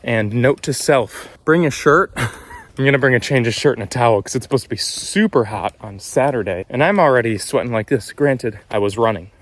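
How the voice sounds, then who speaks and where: A man's voice: mid-range voice, brisk. A young man chatting upbeat and self-teasing in a casual hiking vlog, recorded on a handheld camera on a wooded trail outdoors. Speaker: vlogger.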